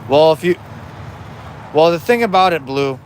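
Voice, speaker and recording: Guy livestreaming outside by his smoker, bit high voice, cussing and chatting with chat, traffic noise in the back. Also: lively intonation, moderate pace. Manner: blunt and profane, chatty with viewers. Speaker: livestream host. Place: outdoors by a smoker.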